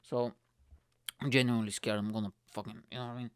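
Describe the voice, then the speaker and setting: A man hosting his own podcast in a loud, energetic comedic rant, swearing freely and rambling from thought to thought. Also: medium pitch, fast talker, clean tone, dry recording, studio quality. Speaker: podcast host. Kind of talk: ranting comedic monologue.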